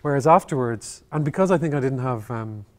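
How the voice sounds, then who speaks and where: A man, an actor as interview guest, telling stories in a halting, thoughtful way and often circling back on his words. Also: mid-range voice, animated. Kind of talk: Q&A interview, reflective storytelling.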